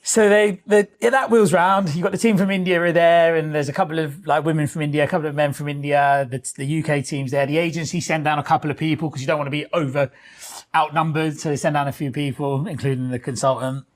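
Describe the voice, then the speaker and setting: A man's voice: fairly high pitch, fast. A man, co-hosting and telling a story in casual chat, with lots of fillers and swearing. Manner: animated, swears freely, many fillers. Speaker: podcast co-host.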